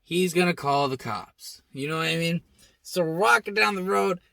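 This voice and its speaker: A young man hosting his own show, telling a story in a blunt, heavily profane, animated way and acting out the people he quotes. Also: fairly high pitch, normal speed, creaky, no room sound. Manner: acts out quoted lines with raised shouting voice. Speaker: host. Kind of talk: casual storytelling monologue.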